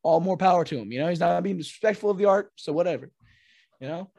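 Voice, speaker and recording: Excitable swearing podcast guy. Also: high voice, fast talker, vocal fry, no room sound. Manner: excitable, swears a lot, acts out quotes in big voices. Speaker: podcast co-host. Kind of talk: casual chat.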